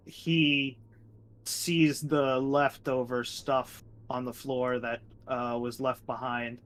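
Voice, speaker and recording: Slow, flat-voiced male player. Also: mid-range voice. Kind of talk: tabletop game play.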